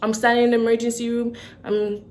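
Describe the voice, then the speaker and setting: A young woman tells a story to her vlog viewers in a lively way, often asking "okay?". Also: a little high, quick pace. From Toronto, Canada. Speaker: vlogger.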